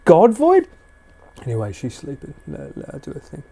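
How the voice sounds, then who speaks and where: Casual male streamer at home, mellow tone, very lively pitch, coos in dog baby talk. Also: normal speed, vocal fry, husky. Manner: slips into high sing-song baby talk for a dog. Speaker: live streamer. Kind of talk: casual live-stream chat. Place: at home late at night.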